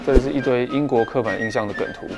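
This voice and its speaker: A man's voice: mid-range voice, fast. A man from Taiwan hosting a video, curious and prompting his guest with short questions. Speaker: host. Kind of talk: video host interviewing a guest. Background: background music.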